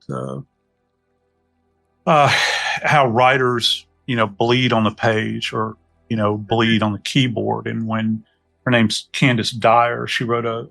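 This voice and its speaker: Gravelly Southern man telling stories. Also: mid-range voice, fairly bright tone. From New Orleans, US South. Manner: unhurried, folksy, many "you know" asides. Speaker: podcast guest, death investigator. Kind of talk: reflective storytelling conversation.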